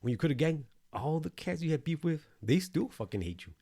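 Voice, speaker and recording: A man's voice: fairly high pitch, big pitch swings, brisk, mellow, husky, no echo, clean studio sound. A man co-hosting a podcast, telling his own story in a loose, profane, streetwise way. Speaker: podcast co-host. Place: El Paso recording studio.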